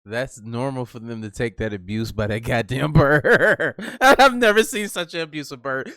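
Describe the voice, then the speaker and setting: A man's voice: medium pitch, lively intonation, normal speed, a bit bright, no room sound, clean studio sound. A man hosting a reaction video, joking bluntly and swearing in casual commentary.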